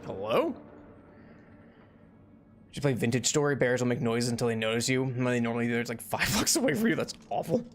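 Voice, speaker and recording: A man's voice: mid-range voice, lively intonation, brisk, long pauses, slight background noise. A young man streaming a video game, chatting casually and rambling with lots of restarts and laughs. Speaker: VTuber streamer. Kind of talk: casual gameplay commentary.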